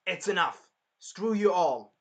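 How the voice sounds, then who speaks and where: A man's voice: high voice, animated, slow pace, voice pushed up, exaggerated voice. A man acting out an angry, betrayed young male hero in exasperated outbursts during a casual recap.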